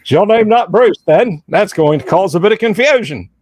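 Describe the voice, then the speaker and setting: A man's voice: sits high, lively intonation, normal speed, darkish tone, dry recording, pitched above the performer's own voice. A man hamming up a jolly Australian bloke. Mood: joking. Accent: put-on Australian.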